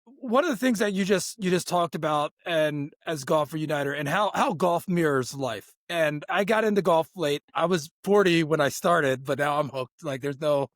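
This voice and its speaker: A man's voice: on the high side, moderate pace, few pauses, no echo, clean studio sound. A middle-aged man hosting a casual podcast interview, enthusiastic and affirming. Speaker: podcast host.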